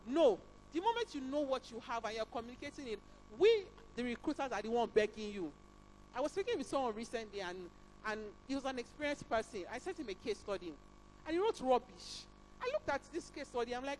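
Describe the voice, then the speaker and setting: Female HR speaker, lively and emphatic, a bit high-pitched, light background noise. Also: quick pace, low-quality recording. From Nigeria. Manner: animated, acts out dialogues with emphatic pitch jumps. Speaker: HR specialist speaker. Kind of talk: motivational career talk. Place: career fair event.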